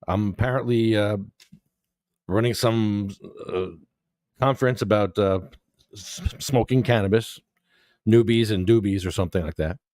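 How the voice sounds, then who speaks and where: A man's voice: on the low side, normal speed, pauses often, a little mellow. A man hosting a casual podcast over a call, laid-back and slangy. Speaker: podcast host. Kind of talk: casual chat.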